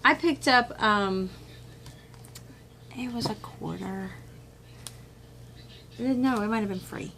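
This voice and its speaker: A woman's voice: a little high, takes it slowly, pauses often, a little hiss or hum. A middle-aged woman vlogging at home about homeschool books she picked up, talking casually and acting out the voices of people she quotes. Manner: chatty and animated, acts out quoted voices with laughs and whispers. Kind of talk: casual chat, showing a curriculum haul. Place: home room with children nearby.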